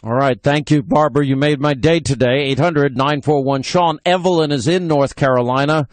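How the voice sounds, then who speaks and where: A man hosting a talk radio show, brisk and teasing with callers, on a close studio mic. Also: fairly high pitch, no echo. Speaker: radio host.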